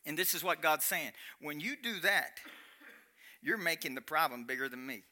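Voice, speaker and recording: Bright, high-voiced animated preacher. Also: male voice. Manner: animated, emphatic preaching with dramatic pauses and acted-out quotes. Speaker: pastor. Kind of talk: sermon.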